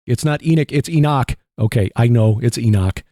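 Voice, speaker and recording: A man with a Midwestern accent hosting a casual Christian radio talk show, rambling and halting with fillers. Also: mid-range voice, warm tone, no echo, studio quality. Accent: Midwestern American. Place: barn studio.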